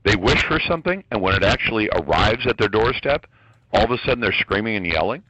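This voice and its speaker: A man's voice: on the low side, fast talker, bright, forceful tone, lo-fi sound. A man speaking as a guest commentator on a radio talk show, ranting in a heated, emphatic way.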